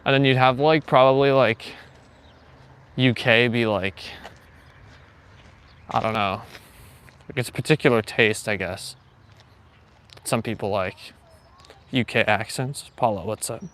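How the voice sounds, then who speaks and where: A man's voice: medium pitch, steady tone, measured pace, pauses often, a bit bright, a little hiss or hum. A young man, hosting a live walking stream and chatting casually with viewers in a rambling, filler-heavy way. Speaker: livestream host. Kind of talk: casual live chat while walking, reading viewer comments. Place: outdoors on a walk.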